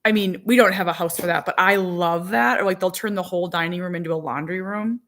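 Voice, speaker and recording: With a fairly low, fairly bright voice and a quick pace, a woman in her forties rambles casually to live viewers. She's a vlogger and a mom of four who leans heavily on "like".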